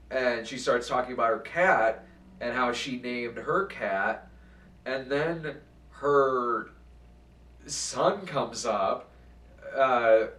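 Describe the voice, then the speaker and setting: Man, casual storyteller, animated and swearing, voice from a distance, echoey room. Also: medium pitch. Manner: animated, profane, acts out quotes. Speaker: channel host. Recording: echoey room, far from mic.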